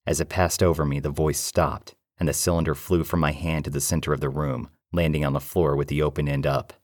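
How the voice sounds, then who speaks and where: A man narrating a first-person horror story in a low, steady, measured way. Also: no echo, clean studio sound.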